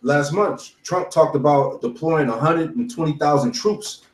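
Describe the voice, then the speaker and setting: A man's voice: fairly high pitch, a little slow. A man taking part in a bible study, chatting casually and chiming in earnestly. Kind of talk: casual chat. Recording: echoey room.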